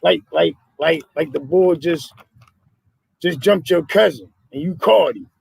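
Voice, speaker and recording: A man hosting a casual podcast chat, telling stories in animated streetwise slang. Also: a little high, unhurried, creaky, husky, rough recording. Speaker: podcast host.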